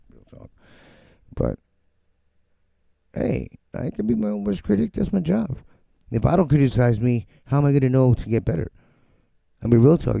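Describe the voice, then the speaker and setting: A gravelly, fairly low-pitched middle-aged man hosts a music livestream from his home studio, heard in a dry recording. He rants casually, bluntly and profanely, staying animated and mocking other people in quoted voices.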